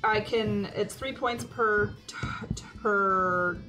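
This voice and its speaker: A woman's voice: mid-range voice, slow, pushed and bright, faint music behind. A woman playing a tabletop role-playing game, chatty and a bit hesitant. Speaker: player.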